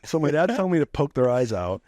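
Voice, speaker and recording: A middle-aged man telling a profane, animated story as a podcast guest, laughing now and then. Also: fairly high pitch, fast talker, no echo, clean studio sound. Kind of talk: casual storytelling.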